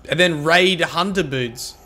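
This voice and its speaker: A man's voice: on the high side, a little slow, pushed and bright, faint music behind. A man streaming a game and chatting casually with his viewers, cheeky and joking as he thanks them and teases the chat.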